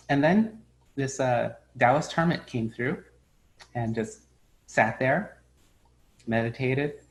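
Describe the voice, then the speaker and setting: A man teaching as a Buddhist teacher in a dharma talk, speaking in a relaxed, halting way with many fillers and restarts, and telling stories in which he briefly acts out the people he quotes. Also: medium pitch, rough recording.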